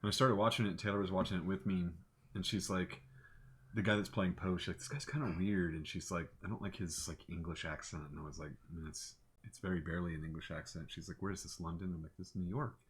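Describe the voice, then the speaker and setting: A man playing a tabletop game, chatting casually and telling stories rapidly with animated quotes. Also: low-pitched, a little hiss or hum. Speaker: player. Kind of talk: casual chat.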